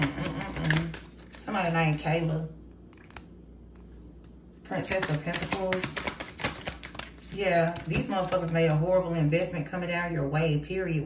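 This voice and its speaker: A woman giving a casual tarot reading in a blunt, heated, profane way. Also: fairly low pitch. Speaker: tarot reader. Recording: roomy, distant mic, noisy.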